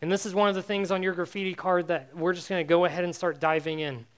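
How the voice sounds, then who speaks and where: A man giving a youth sermon, telling a personal story in an animated, self-mocking way with many fillers before turning to faith. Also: sits high, fast, clear, resonant tone. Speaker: youth pastor.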